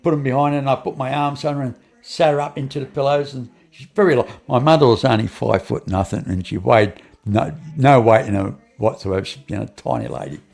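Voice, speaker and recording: A man's voice: medium pitch, a little fast, vocal fry, darkish tone. An older man tells a long personal story as an interview guest. He rambles, repeats phrases and restarts often, and acts out the lines of the people in his story.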